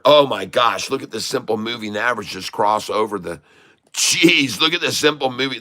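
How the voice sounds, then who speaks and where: A man giving excited live commentary on a stock chart, full of folksy slang and exclamations. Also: medium pitch. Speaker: day-trading streamer.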